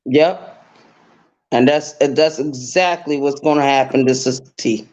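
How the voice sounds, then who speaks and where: A woman speaking slowly and deliberately as a call-in guest, blunt and emphatic, going over her points more than once. Her voice comes through an online call with dull, muffled lo-fi audio. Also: extremely low pitch, a little mellow. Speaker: guest caller. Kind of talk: casual drama commentary. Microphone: online call through a browser.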